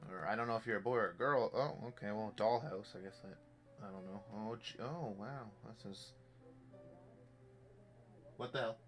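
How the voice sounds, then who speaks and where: A young gameplay streamer gives live commentary on a virtual reality horror game, jumpy and joking, swearing as he talks to himself over faint game music. His voice is fairly low and fairly bright, at a normal speed with long pauses.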